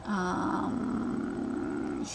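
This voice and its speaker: A woman's voice: lowish voice, huge pitch swings, drawn-out words, gravelly, very noisy. A woman hosting a live anime reaction, ranting with exasperation and swearing freely as she checks details against the manga.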